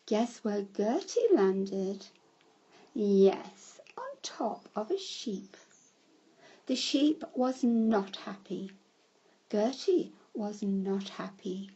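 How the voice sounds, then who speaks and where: A woman telling a children's story in a slow storybook manner, breaking into shouted cries for the characters. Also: medium pitch, expressive, slightly rough, muffled recording.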